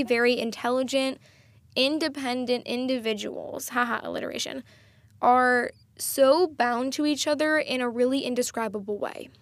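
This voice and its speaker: A young woman talks through her own solo podcast in a chatty, enthusiastic way, often laughing at herself. Her voice sits a little high, and the sound is close and dry with almost no room around it. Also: fairly bright tone, no echo. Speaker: podcast host.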